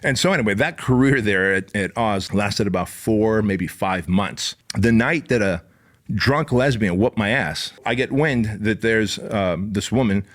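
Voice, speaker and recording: A man's voice: lowish voice, measured pace, a bit bright. A man hosting a podcast, telling a story in a casual, emphatic, profane way. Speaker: podcast host. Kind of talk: storytelling monologue.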